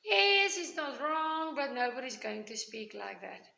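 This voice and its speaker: A woman's voice: high-pitched, big pitch swings, measured pace, vocal fry, pushed and bright, reverberant, rough recording. A woman, a primary school teacher patiently explaining grammar to young children with repeated examples. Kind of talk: recorded grammar lesson for children.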